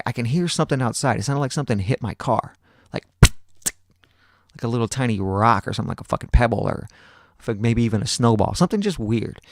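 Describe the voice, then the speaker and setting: A podcast host with a mid-range voice tells a long story casually, swearing heavily and animatedly acting out other people's lines. The recording is studio quality with no echo.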